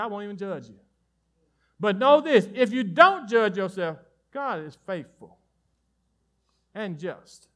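High, bright-voiced preacher. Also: male voice. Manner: animated preaching with sudden drops to soft asides; folksy, joking with the congregation. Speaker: pastor. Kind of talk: sermon.

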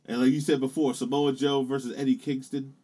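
A man chatting casually about wrestling, excitable and swearing, his voice jumping up when he gets hyped. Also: mid-range voice, fairly quick.

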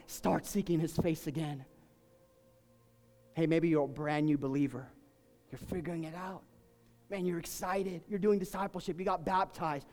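A man preaching a sermon, swinging from quiet, intimate talk to shouted, fervent peaks. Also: a little high, normal speed, long pauses. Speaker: pastor. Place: church sanctuary. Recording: long hall reverb, faint music.

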